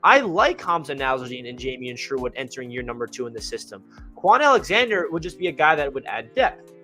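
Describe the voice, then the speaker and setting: A young man talking casually and with excitement about his football team, rambling and full of fillers, with hiccups. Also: medium pitch, brisk, soft background music. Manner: rambling, enthusiastic, many fillers. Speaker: fan channel host.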